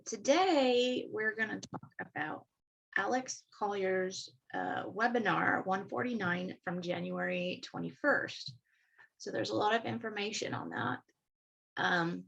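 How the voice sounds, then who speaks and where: A woman hosting her own channel, talking slowly and unhurriedly in a loose, chatty way. her voice sits at an ordinary, mid-range pitch. she fills her pauses with plenty of "um" and "uh". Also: creaky, fairly bright tone, slightly rough, rough recording. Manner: chatty, loose, with frequent "um" and "uh" fillers. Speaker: channel host. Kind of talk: casual spoken commentary to camera.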